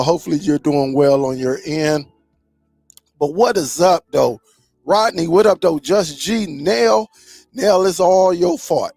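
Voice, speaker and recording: Gravelly laid-back man. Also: fairly high pitch, a little mellow, no room sound, studio quality. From Michigan. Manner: laid-back, greets viewers by name, slangy. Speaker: streaming channel host. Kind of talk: casual live-stream chat.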